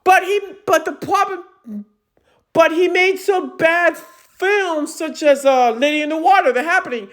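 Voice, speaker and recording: A young woman with a high-pitched voice rants through a movie review, exasperated and emphatic. She talks slowly and deliberately, then often breaks into shouting. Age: young adult.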